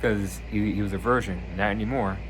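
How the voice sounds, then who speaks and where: A man casually reviewing a TV season on his channel, retelling scenes with lively energy and acting out lines. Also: lowish voice, brisk, noisy background. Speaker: video reviewer.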